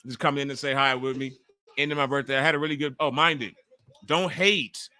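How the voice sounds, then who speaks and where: Brief: bright, dry-sounding man in his forties, livestream host, excitable and cursing, talks over the action. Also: medium pitch, a little fast, no echo. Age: 40s. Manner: loud, profane and excitable, reacting to the action. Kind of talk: live commentary while watching wrestling.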